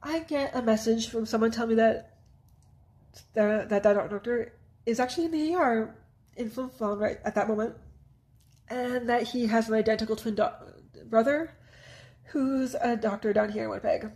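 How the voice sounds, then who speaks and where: Fairly high and a little mellow, her voice moves at a moderate pace with long pauses. The vlogger, a woman in her thirties from northern Manitoba, Canada, rambles through a personal story, full of "like," restarts, and nervous laughs.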